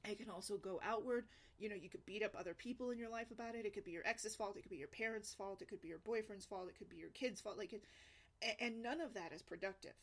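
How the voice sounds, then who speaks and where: A woman's voice: mid-range voice, quick pace. A woman talking earnestly in a casual vlog, conversational and often asking "right?". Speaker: single mom blogger.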